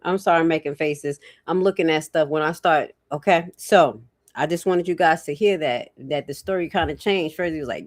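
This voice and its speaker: A woman hosting a livestream, chatting casually to her viewers and reacting out loud to interview clips. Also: sits low, normal speed, dry recording, clean studio sound. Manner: chatty, reacts loudly, talks to her chat. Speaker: livestream host.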